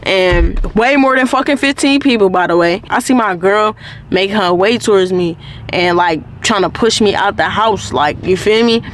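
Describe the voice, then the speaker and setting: A woman tells her viewers a story in a relaxed, unscripted monologue. Her talk is thick with slang and swearing, and she fills nearly every pause with "like" and "you feel me.". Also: medium pitch, slight background noise. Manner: slangy, profane, constant "like" fillers. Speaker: channel host. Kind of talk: casual story-time monologue.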